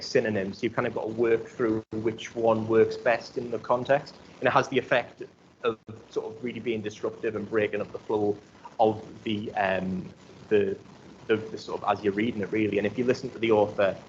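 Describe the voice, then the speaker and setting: A young man with a Geordie accent from South Shields giving an academic talk in a loose, conversational way, full of "um" and "like". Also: lowish voice. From South Shields, North East England. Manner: conversational, many fillers like um and like. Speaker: archaeology lecturer. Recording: dull lo-fi recording with faint noise.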